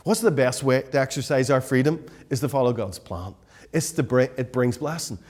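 A man's voice: medium pitch, animated, moderate pace, darkish tone. A man preaching a sermon as pastor, emphatic and repetitive, with many rhetorical questions.

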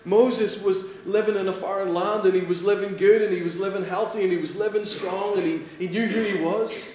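A man preaching a sermon, animated, swinging between loud emphatic lines and soft hushed ones. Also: high-pitched, a little fast. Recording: echoey room with faint hum.

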